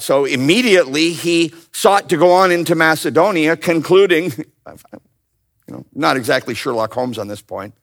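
A man teaching a Bible study in a lively, joking way, often calling on his listeners to answer. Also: on the high side, moderate pace. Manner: animated, playful, calls out to the audience. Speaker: pastor.

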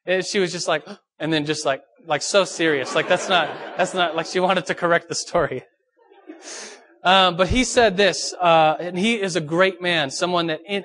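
Lively young pastor, joking sermon. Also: male voice, fairly high pitch. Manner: lively, joking, talks to the audience directly. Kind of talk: youth sermon.

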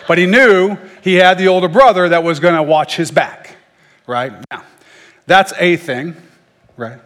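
A husky-voiced man giving a casual Bible teaching, talking to listeners plainly and tossing in jokes along the way. His voice carries a long reverb, as if he were in a large hall. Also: mid-range voice, a bit bright. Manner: conversational, joking asides.

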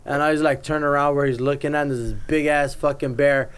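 A man's voice: fairly high pitch, quick pace, clean tone. A man co-hosting a podcast, telling a story with lots of swearing. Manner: profane storytelling, animated. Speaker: podcast co-host. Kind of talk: casual chat.

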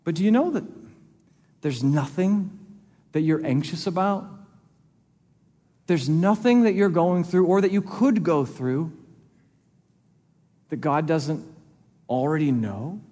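A man's voice: on the high side, takes it slowly, long pauses, dark tone. A male pastor preaching a sermon in an earnest, conversational way, repeating phrases for emphasis. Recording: long reverb of a large hall.

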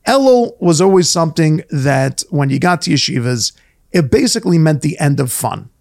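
A man's voice: fairly high pitch, lively intonation, moderate pace, gravelly, darkish tone. A man co-hosting a casual podcast, rambling playfully with jokes and many restarts. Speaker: podcast co-host. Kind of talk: casual chat.

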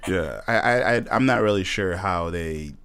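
A man's voice: sits low, expressive, moderate pace, fairly bright tone, smooth. A man co-hosting a casual chat about a TV show, laughing often and talking with many fillers and restarts. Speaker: podcast co-host.

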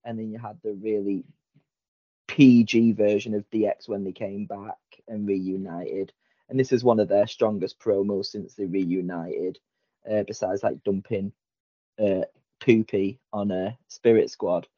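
A man talks in a casual podcast chat and acts out quotes as he tells a story. His voice is dark and mellow, and the recording is dry and a little dull. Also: fairly low pitch, unhurried, no room sound. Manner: animated storytelling, acting out quotes. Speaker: podcast co-host.

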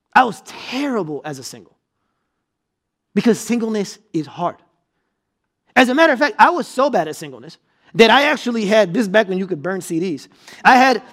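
A middle-aged man preaching a sermon as pastor, telling stories in an animated way with bursts of laughter. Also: high-pitched.

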